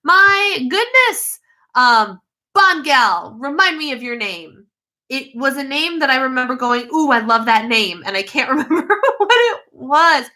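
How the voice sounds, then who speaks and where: A woman's voice: high voice, lively intonation, moderate pace, bright, forceful tone. A woman hosting a casual livestream, chatty and easily sidetracked, with lots of fillers. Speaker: YouTube livestream host.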